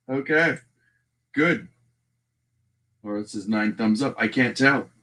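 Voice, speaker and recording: A man's voice: mid-range voice, takes it slowly, pauses often, sharp tone. A man with a Texan accent hosting a casual livestream, chatting along and greeting viewers by name as he goes. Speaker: livestream host.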